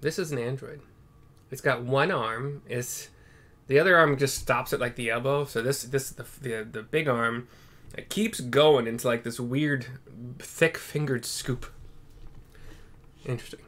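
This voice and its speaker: A man's voice: medium pitch, measured pace, fairly bright tone. A man giving casual, irreverent commentary while narrating his playthrough of a game, with swearing asides.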